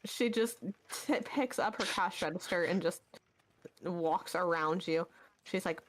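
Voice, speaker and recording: A woman's voice: lowish voice, unhurried. A woman narrating a tabletop game as game master, in a casual way full of fillers.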